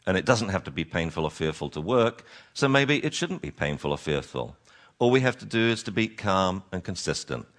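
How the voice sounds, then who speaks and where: A man giving a lively talk to an audience as a dog trainer, acting out owners and dogs in funny voices. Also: low-pitched, fairly quick.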